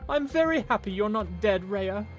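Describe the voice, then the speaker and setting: A streamer voicing an excitable, doting undead friend who talks theatrically, with faint music behind. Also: medium pitch, moderate pace, natural voice. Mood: gushing. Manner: gushing, theatrical.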